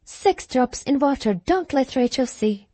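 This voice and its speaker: A faint older lady who speaks in a hushed, urgent way, as a woman narrator voices her. The voice sits fairly high, and the recording is dry and close. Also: animated, measured pace, breathy edge, no room sound, full character voice.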